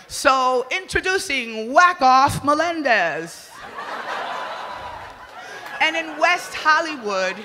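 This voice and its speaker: A woman from the Republic, doing a crude, loud stand-up comedy set and shouting her punchlines. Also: high-pitched, background noise. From Dominican Republic. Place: comedy stage before an audience. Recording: reverberant live venue, faint ambience.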